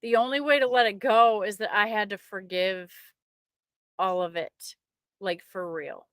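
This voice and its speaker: Emotional woman giving a halting testimony. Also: mid-range voice, steady tone, fairly bright tone, no room sound, clean studio sound. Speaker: trucker sharing a faith testimony. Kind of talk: personal testimony to an online audience.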